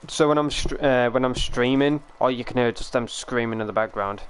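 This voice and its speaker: A young British man with a British accent chats and rambles casually on a game stream, swearing occasionally and laughing a lot. His voice is medium pitched with a clean tone, and he speaks briskly.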